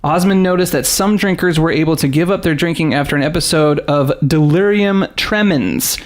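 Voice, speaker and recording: A man's voice: on the high side, normal speed. Laughing man hosting a podcast. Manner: animated storyteller, laughs often, reads facts aloud. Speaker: podcast host. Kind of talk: casual podcast chat.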